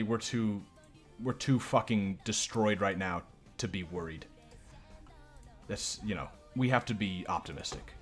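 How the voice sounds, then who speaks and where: A man's voice: on the low side, fairly bright tone. A man streaming live gameplay, commenting casually in a joking, profane, self-mocking way. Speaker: game streamer.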